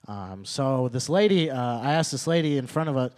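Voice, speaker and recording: A man's voice: mid-range voice, animated, normal speed, a little mellow. A young man performing a stand-up comedy set at a small club open mic, telling stories loosely, repeating his lines and acting out quotes.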